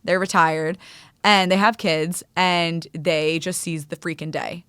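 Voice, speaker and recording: A woman hosting a solo podcast, telling stories in an animated, chatty way full of "like" fillers. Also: lowish voice, slow pace, clear, resonant tone, no room sound, clean studio sound. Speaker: podcast host. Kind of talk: casual solo storytelling.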